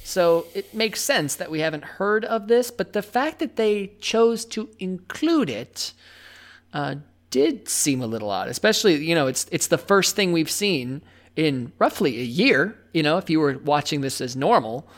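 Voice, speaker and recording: A woman's voice: on the low side, sing-song, moderate pace. A woman co-hosting a podcast in casual chat, chatty and self-deprecating, laughing often. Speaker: podcast co-host.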